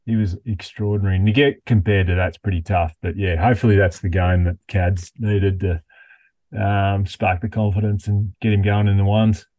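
Aussie co-host, low voice, relaxed, drops the odd swear, dry close mic. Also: male voice, moderate pace, dry recording. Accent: Australian. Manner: laid-back, swears casually. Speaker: podcast co-host. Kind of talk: casual chat.

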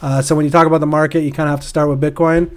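A man's voice: fairly high pitch, flat delivery, very fast. Rambling man co-hosting a crypto podcast. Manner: rambling, laughs often, many fillers and restarts. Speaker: podcast co-host. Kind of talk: casual crypto market chat.

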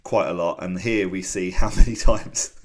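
A man with a low, deep voice, talking in a loose, rambling way full of ums and small laughs. He co-hosts a casual podcast chat. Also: steady tone, normal speed. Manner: chatty and rambling, with many fillers and laughs. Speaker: podcast co-host.

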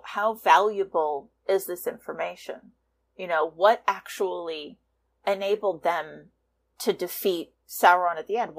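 A woman fanfiction writer talking as a guest in a casual interview, animated and laughing often. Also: lowish voice.

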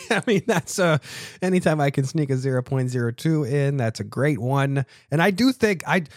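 A man's voice: a little high, expressive, normal speed, dry recording, clean studio sound. A man hosting a casual podcast alone, rambling and mocking himself, with frequent swearing and restarts. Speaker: podcast host.

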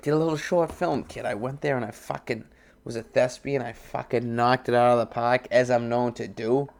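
A man's voice: medium pitch, steady tone, normal speed, gravelly, slight background noise. A man, co-hosting a podcast in crude, swaggering banter. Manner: brash, profane, swaggering. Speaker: podcast co-host.

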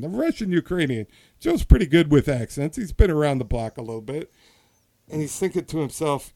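A man's voice: a little high, dark tone. A man hosting a casual political comedy podcast, telling a rambling story that keeps interrupting itself. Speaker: podcast host.

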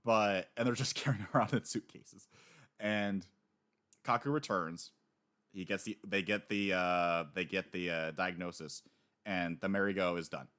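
A man co-hosting a casual chat, animated and quick to laugh, slipping into voices when he retells scenes. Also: sits low, smooth. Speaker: podcast co-host discussing a manga.

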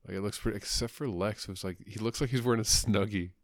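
A man's voice: on the low side, fast talker, no echo, studio quality. A man co-hosting a podcast in casual chat, joking, laughing and swearing as he talks. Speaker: podcast co-host.

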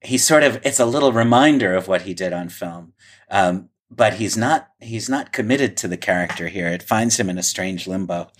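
A man's voice: sits low, expressive, moderate pace. A man co-hosting a podcast, thoughtfully describing old television clips in detail. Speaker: podcast co-host. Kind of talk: conversational film discussion.

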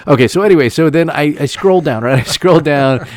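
A man's voice: on the high side, fairly quick, no room sound, clean studio sound. Rambling, emotional man on a podcast. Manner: rambling, emotional, laughs a lot. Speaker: podcast co-host. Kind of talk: casual podcast chat. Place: childhood bedroom.

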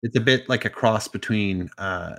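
A man's voice: on the low side, moderate pace, fairly bright tone. A man co-hosting a podcast, casually retelling strange news stories with asides and jokes. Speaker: podcast co-host telling stories. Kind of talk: casual storytelling chat.

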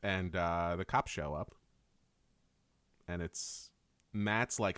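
A man's voice: lowish voice, takes it slowly, pauses often, clear, resonant tone, no echo. A young man co-hosting a podcast, retelling a cartoon episode in casual chat and laughing often. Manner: laughs often, animated retelling with mock quotes.

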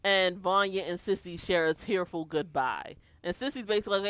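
A podcast co-host walks through a TV episode's plot in easy, conversational recap mode, now and then slipping into characters' lines. The voice sits at a middling pitch and sounds smooth and clean. The recording is dry and close. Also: brisk, a bit bright, dry recording. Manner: conversational, narrates plot beats, quotes characters. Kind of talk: casual TV recap chat.

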